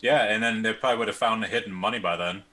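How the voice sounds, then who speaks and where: A man's voice: on the low side, very fast, crowd noise. A man chatting casually with fellow players during a virtual tabletop game, laid-back and joking. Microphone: home microphone on a video call.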